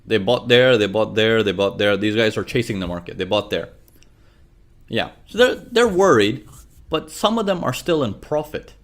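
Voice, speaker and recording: Expressive and fairly low-pitched, this man speaks at a moderate pace while teaching trading over a shared chart. As the instructor, he repeats his questions and plays out the anxious thoughts running through traders' heads.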